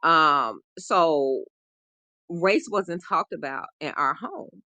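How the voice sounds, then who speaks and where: A woman guest, a relationship coach, telling a personal story in an animated conversational way, full of "you know". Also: deep voice, very slow, no echo. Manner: animated, acts out quoted voices, frequent "you know".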